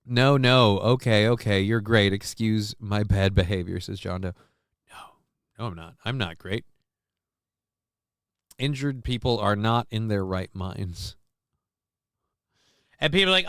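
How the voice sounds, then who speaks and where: A middle-aged man chats on his home live stream in a bright, clear voice, recorded close and dry with no room sound. He rambles, swears casually and reads viewers' comments aloud. When he quotes people he lifts into a livelier voice. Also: medium pitch, normal speed, dry recording. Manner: quotes himself and others in livelier raised voice. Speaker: livestream host. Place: home desk.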